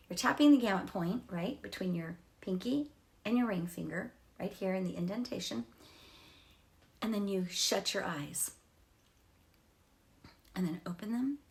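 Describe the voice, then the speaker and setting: A woman's voice: medium pitch, vocal fry. Woman guiding tapping, often sinking to whispers. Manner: casual, candid, swears freely, drops into soft whispered affirmations. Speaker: EFT tapping instructor. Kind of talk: guided tapping instruction.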